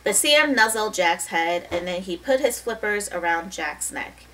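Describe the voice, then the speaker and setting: A woman reads a children's chapter book aloud in a lively, expressive way. She pauses now and then to talk about the pictures. Her voice is mid-pitched, and the mic sits at a distance. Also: a little hiss or hum. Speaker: storybook reader.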